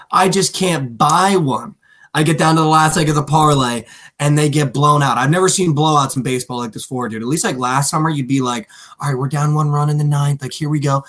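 A man's voice: mid-range voice, a bit bright. Rambling young man telling a story. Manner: rambling storyteller, lots of "like" and "dude". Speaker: podcast co-host. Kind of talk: casual sports betting chat.

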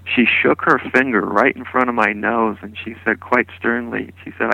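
Gravelly-voiced man recalling his teaching. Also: lowish voice, fairly even intonation, dry recording, highs cut off. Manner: unhurried, meandering, with frequent restarts. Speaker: spiritual teacher. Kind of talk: reflective storytelling interview.

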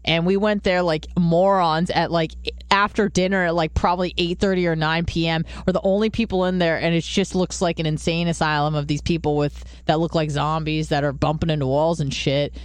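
A woman co-hosting a podcast, telling stories in casual chat, swearing freely and jumping into high quoted voices. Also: fairly even intonation, a little fast, dry recording. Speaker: podcast co-host.

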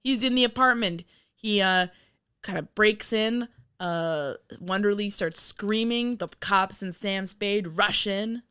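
A woman's voice: mid-range voice, slow, pushed and bright, clear, resonant tone, dry recording, clean studio sound. A woman co-hosting a podcast in casual chat, giggling often and rambling with fillers. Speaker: podcast co-host.

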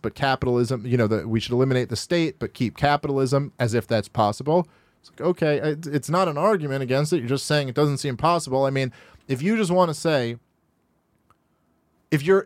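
A podcast host in a studio pauses a video to argue against it, sounding exasperated, his pitch climbing sharply whenever he pushes back. His voice is a little mellow, and the audio is dry and close, with almost no room sound or echo.

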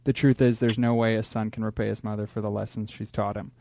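A man's voice: lowish voice, flat delivery, gravelly, mellow, no room sound. A man, a comic appearing as a guest, reading a heartfelt letter in a sincere, earnest way. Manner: sincere and earnest, a little halting in chat.

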